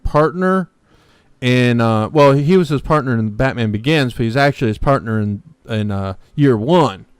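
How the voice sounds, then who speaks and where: A man's voice: mid-range voice, expressive, moderate pace, clean tone, no room sound. A man co-hosting a podcast, casually recapping a TV episode in a rambling way full of fillers and restarts. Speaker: podcast co-host. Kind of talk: casual chat.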